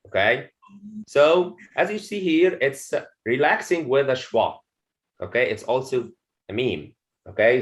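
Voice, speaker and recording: Slow-paced male English teacher. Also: mid-range voice, poor audio. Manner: slow and repetitive, says words twice to model them; frequent "okay" fillers. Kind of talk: slide-based lesson.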